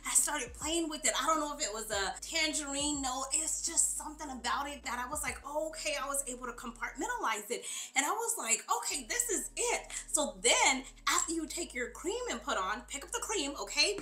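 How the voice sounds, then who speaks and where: A young adult woman gushes quickly and emphatically to her viewers, her voice bright and a little high. The room around her is echoey. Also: a little hiss or hum. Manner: fast, excited, chatty and emphatic. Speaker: beauty vlogger. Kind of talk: sponsored haul, casual chat to viewers.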